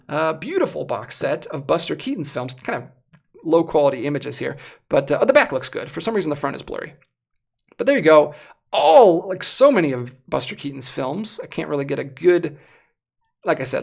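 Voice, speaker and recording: A young adult host on a casual livestream, talking in an animated, excitable way. The voice has a gravelly rasp and is starting to wear hoarse. The pitch sits in a middle range. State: voice going hoarse. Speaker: livestream host reviewing disc collectibles.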